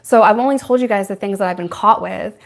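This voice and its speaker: Speaking directly to the camera, a young woman runs a casual Q&A, answering her viewers' questions. She talks fast in an ordinary mid-range voice with vocal fry, staying candid, chatty and quick to laugh.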